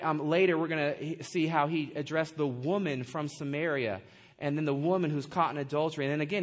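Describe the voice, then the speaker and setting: A man preaching a sermon, animated and conversational, with frequent asides and questions to the congregation. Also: fairly high pitch. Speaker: pastor.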